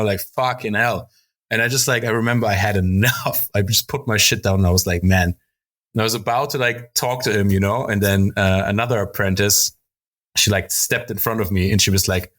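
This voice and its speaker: Lower-voiced guy on a podcast, rambly, says like constantly, swears, super casual. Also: fairly bright tone. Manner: loose, filler-heavy with constant "like" and swearing. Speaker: podcast co-host. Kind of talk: casual storytelling chat.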